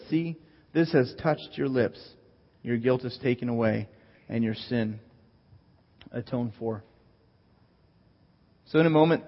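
A man preaching a sermon, teaching earnestly and slowing down to read scripture aloud. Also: medium pitch. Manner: earnest teaching, reads scripture slowly, repeats words. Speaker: pastor. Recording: dull sound with long hall reverb.

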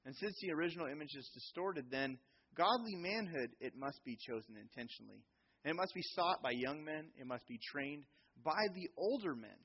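Middle-aged guy preaching, animated, kinda husky voice, bit muffled sound. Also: on the high side, brisk. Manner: animated, acts out children's voices. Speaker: pastor. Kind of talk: sermon. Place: church.

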